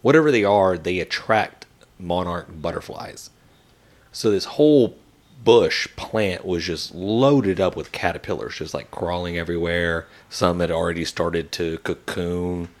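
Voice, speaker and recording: A man in his thirties with a slightly low voice spins a neighborhood story in relaxed podcast chat. He acts out the people he quotes with lively shifts. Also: a little slow. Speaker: podcast co-host.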